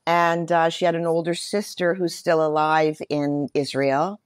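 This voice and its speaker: A woman in her sixties, an actress giving an interview answer, speaking haltingly with hesitant pauses. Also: low voice, level tone, smooth, no echo, clean studio sound. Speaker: actress guest.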